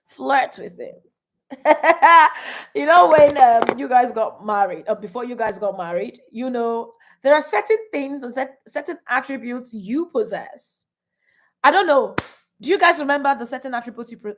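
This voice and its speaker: A middle-aged woman, coaching married couples on a live stream, animated, laughing often and reading viewer comments aloud. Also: fairly high pitch, moderate pace.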